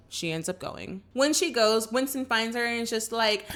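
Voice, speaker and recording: A young woman hosting a casual movie reaction, recapping the plot in an animated way and acting out the characters' lines. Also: on the high side, moderate pace.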